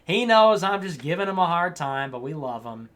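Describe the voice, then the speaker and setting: A man's voice: a little high, sing-song, moderate pace, fairly bright tone. A man hosting a casual livestream show, reading viewer messages and answering with teasing, mock-scolding asides and rambling restarts.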